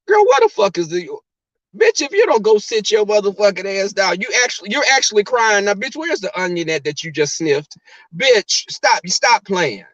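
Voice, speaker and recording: Blunt high-pitched man, dry dull mic. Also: fairly bright tone, dry recording. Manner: blunt, profane, mimics others in high voice. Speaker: livestream commentator. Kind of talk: casual livestream commentary.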